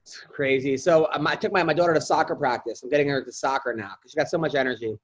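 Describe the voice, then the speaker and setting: A man's voice: mid-range voice, fairly even intonation, fast talker. A middle-aged man co-hosting a comedy podcast, telling rambling everyday stories in a casual chat. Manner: rambling anecdotal storyteller. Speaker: podcast co-host. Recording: slightly dull lo-fi audio.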